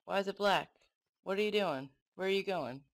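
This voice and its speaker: A young man commenting on his own game play, excitable and swearing often, talking to the game. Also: high-pitched, a little fast. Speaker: gamer.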